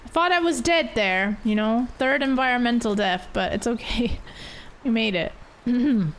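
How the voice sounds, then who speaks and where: A woman streaming a video game, chatting casually and excitably with her viewers. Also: on the high side, normal speed. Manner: chatty, excitable, gasps and laughs. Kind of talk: casual let's-play commentary.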